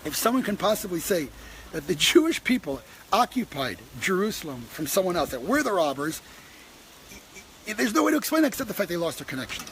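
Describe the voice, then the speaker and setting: A man speaks with a high, lively voice, stumbling through restarts and then surging upward as he presses his point. The talk is impassioned and personal. Steady noise sits under the recording. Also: fairly quick, low-quality recording. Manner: impassioned, many restarts, rising when stressed. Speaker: host.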